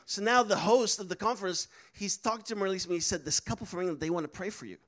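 A man's voice: high voice, fast, fairly bright tone. A man preaching a sermon, telling a story with laughs and acting out the voices of people he quotes. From Netherlands.

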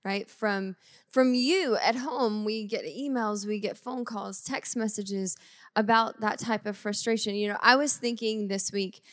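A woman in her thirties co-hosting a faith talk show, speaking in a measured, relaxed way. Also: mid-range voice, dry recording, studio quality. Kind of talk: conversational reflection.

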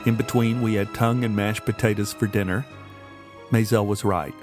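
A man reading an audiobook aloud in first person with a measured, steady delivery. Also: fairly low pitch, soft background music. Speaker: audiobook narrator. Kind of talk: first-person storybook narration.

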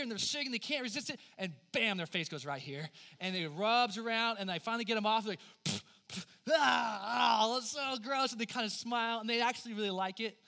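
A man in his thirties preaching a sermon as pastor, swinging from forceful emphasis to hushed, near-whispered lines. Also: high voice. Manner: dynamic preaching, dropping to hushed near-whispers for God's words.

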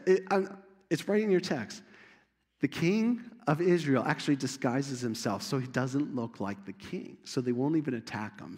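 A man preaching a sermon as pastor, telling a Bible story with animated asides and acting out the characters. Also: medium pitch, normal speed, big-room sound. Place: church sanctuary.

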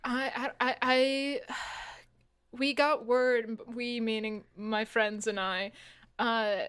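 A woman's voice: a little high, fairly even intonation, very slow, fairly bright tone, smooth. A woman playing her character in a tabletop game, stammering and anxious. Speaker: player.

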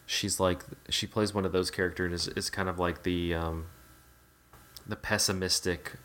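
A man's voice: deep voice, little pitch movement, normal speed, a bit bright. A man in casual podcast chat about a film, rambling with many fillers and restarts.

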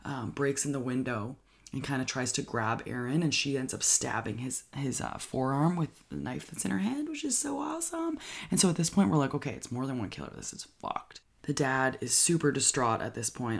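Casual movie-recap host, gravelly fry, middle pitch, chatty and excitable, leans on "like" constantly. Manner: chatty, filler-heavy with frequent "like", enthusiastic; acts out characters' lines in quick voices. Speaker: movie reviewer.

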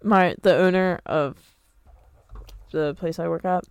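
A woman's voice: lowish voice, steady tone, takes it slowly, a little mellow, clear, resonant tone, no echo. A woman co-hosting a podcast, dry and sarcastic, swearing casually in chat. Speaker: podcast co-host.

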